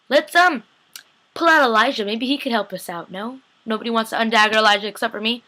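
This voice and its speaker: Chatty young woman, bright voice. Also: on the high side, quick pace. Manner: chatty, sarcastic, acts out characters in asides. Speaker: vlogger. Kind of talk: casual TV episode recap.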